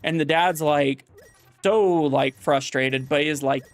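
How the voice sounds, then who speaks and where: A man streaming as he tells a long, winding joke, full of fillers and self-corrections. His voice sits slightly higher than the average man's. Faint music plays behind him. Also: fairly even intonation, slow, no echo.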